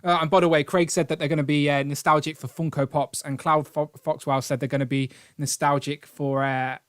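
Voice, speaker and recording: A man's voice: on the high side, flat delivery, a little fast, fairly bright tone, smooth. British man chatting on a live stream. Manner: rambling and jokey, reads out donations. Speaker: host of a toy collecting live stream. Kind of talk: casual live-stream chat.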